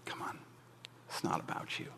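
A man's voice: mid-range voice, expressive, a little fast, big-room sound, natural voice. A man voicing a self-pitying ancient husband, muttering in a mopey, whiny way.

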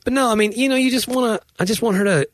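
A man's voice: extremely high pitch, racing, dry recording, studio quality. A middle-aged man bantering wryly as a podcast co-host. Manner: wry, joking banter. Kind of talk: casual chat.

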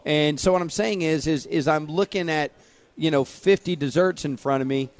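A man co-hosting a sports radio show, brisk and opinionated, with casual slang. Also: on the high side, dry recording.

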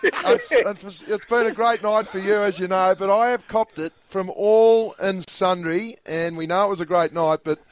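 Blunt, high-voiced Australian man. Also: normal speed. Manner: blunt, rambling, keeps trying to change the subject. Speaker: radio co-host. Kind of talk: casual radio banter.

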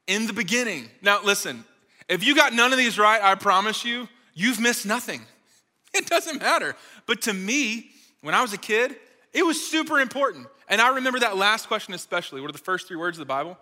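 A man giving a playful, lively sermon to a live audience, joking and talking straight to the crowd. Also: sits high, brisk. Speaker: speaker at a college ministry gathering. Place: large hall with live audience. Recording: reverberant hall.

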